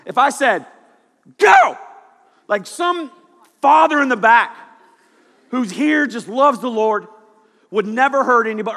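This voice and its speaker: A man preaching a lively, jokey youth sermon to a room of students. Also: extremely high pitch. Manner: animated, jokey, shouting at times. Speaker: youth pastor. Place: church hall with audience. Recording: echoey hall.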